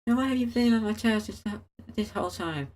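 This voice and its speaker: A woman voicing a blunt, suspicious young female basketball player in a visual novel, firing off sharp, demanding questions. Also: mid-range voice, fairly quick, lightly acted.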